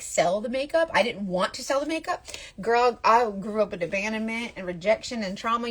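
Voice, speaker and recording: A young woman, chatting casually to viewers on a live stream as a makeup seller, animated and answering their comments as she goes. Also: a little high, husky.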